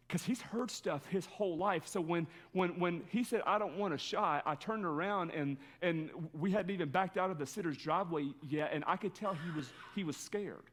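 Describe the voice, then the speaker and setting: A male pastor giving a conversational sermon, telling a personal story in an earnest way. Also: a little high.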